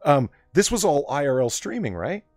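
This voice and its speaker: A man hosts a late-night chat stream, telling stories with a lively, swinging pitch and swearing casually. His voice sits dry and close to the mic. Faint music plays behind him. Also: moderate pace, dry recording. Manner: animated storyteller, swears freely. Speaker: stream host.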